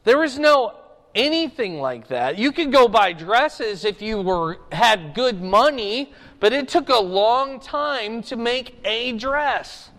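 A man with a notably high, fairly bright voice and lively intonation teaches a Bible class, moving through his notes like a teacher. He often pauses to ask a questioning "okay?" to keep his students with him. The long reverb of a large hall surrounds his voice.

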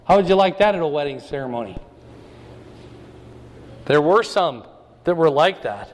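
A man's voice: fairly high pitch, animated, normal speed. A man preaching a sermon, teaching in a conversational way and often checking in with the audience. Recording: long reverb of a hall.

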